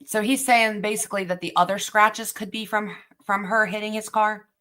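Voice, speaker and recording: A woman's voice: mid-range voice, fairly even intonation, normal speed, sharp tone. A woman hosting a casual livestream commentary, reacting bluntly with swearing and disbelief. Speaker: host.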